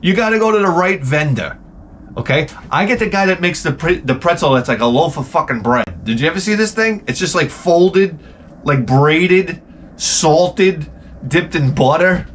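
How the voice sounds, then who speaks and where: A man's voice: fairly high pitch, moderate pace, slight background noise. Profane middle-aged man ranting. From Long Island, New York. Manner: profane, animated storytelling with many restarts. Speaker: host. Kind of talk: rambling comic monologue.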